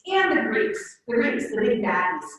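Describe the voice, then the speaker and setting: A woman Latin teacher giving a conference presentation in an animated way, often acting out quoted voices. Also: a little high, moderate pace. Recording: echoey room, far from the mic.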